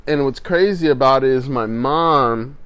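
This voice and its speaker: A man co-hosting a podcast, chatting casually and excitedly, acting out scenes with quick voices. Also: mid-range voice, clean tone. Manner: animated, swearing, acts out scenes in quick voices. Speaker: podcast co-host. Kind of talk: casual chat.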